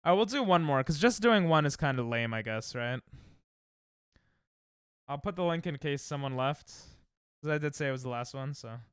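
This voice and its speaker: A young male streamer chats casually and reacts out loud as he plays, his slightly high voice smooth and clear. He sounds a little tired, and his pitch swings widely. The sound is dry and close. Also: normal speed, pauses often, no room sound. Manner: excitable, reactive, thinks aloud. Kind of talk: casual live-stream chat while playing games.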